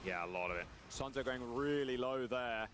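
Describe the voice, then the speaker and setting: A man's voice: mid-range voice, expressive, moderate pace, a bit bright, a little hiss or hum. A man calling the action in an esports match, following the plays and reacting as they happen. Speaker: esports play-by-play caster. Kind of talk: esports play-by-play commentary.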